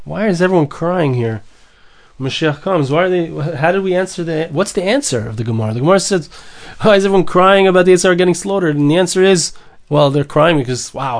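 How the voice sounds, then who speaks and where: A man giving a Torah lecture, mixing in Hebrew and Aramaic phrases and repeating words for emphasis. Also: on the high side. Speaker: rabbi teaching Torah.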